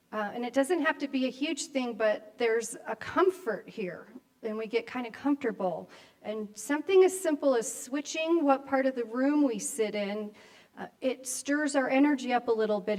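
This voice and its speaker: An older woman, a grandmother and minister, giving a conversational sermon in a church, with reflective pauses and friendly asides. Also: fairly high pitch. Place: church sanctuary.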